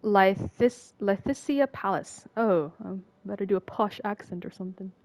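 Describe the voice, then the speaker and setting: A woman's voice: mid-range voice, normal speed, a little mellow, no echo. A woman streaming a game, reading in-game text aloud with casual asides and frequent laughter.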